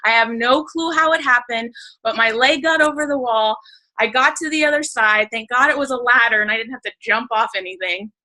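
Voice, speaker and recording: A woman tells a story casually over a video call. Her voice sits a little high and sounds bright and crisp. She talks in a chatty, emotional way, full of "like" and fillers. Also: fairly quick, rough recording. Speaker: team member sharing a story on a group call.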